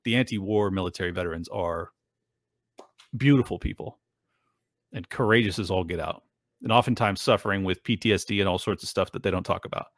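A man with a deep voice, talking a little fast, hosts his own show and delivers a casual monologue to viewers. He speaks earnestly and emotionally, rambling with many fillers. There's no echo.

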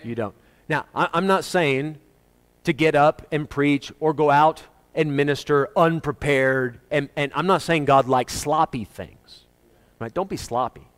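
A man preaching a sermon, emphatic, moving between loud rising questions and quiet low asides, and slowing down to read scripture deliberately. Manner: reads scripture slowly and deliberately.

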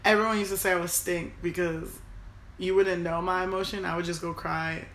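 A young woman chatting casually about her past, emotional and animated. She acts out quoted lines with sudden leaps in pitch and volume. The recording sits in an echoey room with a faint hiss underneath. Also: fairly quick. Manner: emotional, animated, quotes people in raised voices. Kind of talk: casual personal storytelling.

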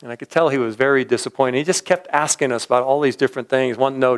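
A man's voice: mid-range voice, fairly even intonation, fast. A man casually telling a story, rambling and chatty, chuckling and acting out what people said. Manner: rambling, chatty, chuckles often, acts out quotes.

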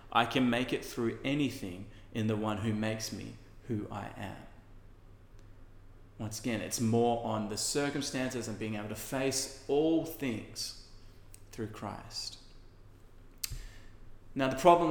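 A male pastor preaching a sermon in an earnest, conversational way with casual asides. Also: medium pitch. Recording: echoey hall with long reverb.

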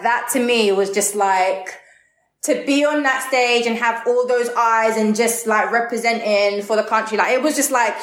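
A woman in her thirties from England, answering interview questions in a chatty, relaxed way with lots of "like". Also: fairly high pitch. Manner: chatty, lots of "like", laughs easily. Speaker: guest, model. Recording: roomy echo.

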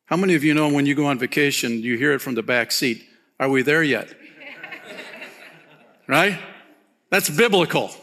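A pastor preaching a sermon, casual and animated, peppering his talk with "man" and "you know". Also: normal speed, long pauses. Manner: animated, rises high when excited, softens and drops low near the close.

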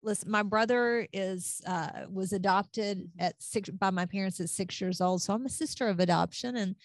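A woman's voice: mid-range voice, normal speed, no echo. Female interview host, conversational and rambling, mid voice, close and dry. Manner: chatty, many fillers and restarts.

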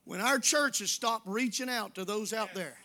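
High, bright preacher. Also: male voice, measured pace. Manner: folksy preaching that swings from hushed asides to shouting. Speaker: pastor. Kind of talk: sermon. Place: church sanctuary.

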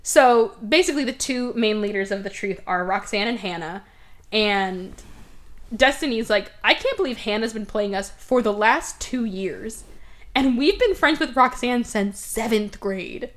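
A woman's voice: fairly high pitch, a little slow. Woman on a podcast gushing through a movie recap, voice up a bit, does all the characters, cusses a lot. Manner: animated recapping, acting out characters' quotes; swears freely. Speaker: podcast host. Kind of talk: casual movie review chat.

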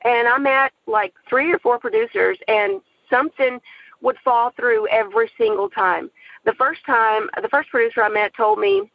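Earnest woman with a gravelly voice. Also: a little high, normal speed, no room sound, dull audio. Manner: earnest, animated storytelling with religious conviction. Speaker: aspiring filmmaker telling her story. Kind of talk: personal testimony.

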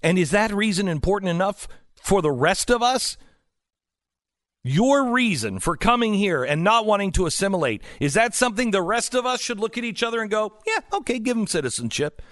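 Emphatic man with a lively, rising voice. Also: sits high, normal speed, dry recording, studio quality. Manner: emphatic and sarcastic, with rhetorical questions. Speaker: political talk show host. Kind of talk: opinionated political monologue.

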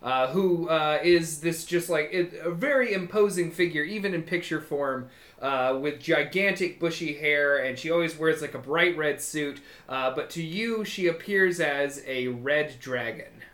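A man running a tabletop game, narrating in a loose, rambling way with lots of ums and likes. His voice is bright and clear, and it carries an echoey room sound. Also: on the high side, a little slow. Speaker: game master.

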